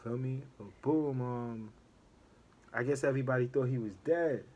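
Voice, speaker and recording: A man casually telling a story from his time in prison in a relaxed street manner, checking in with "know what I'm saying" again and again. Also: mid-range voice, normal speed, muffled recording. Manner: laid-back street talk, keeps asking "know what I'm saying".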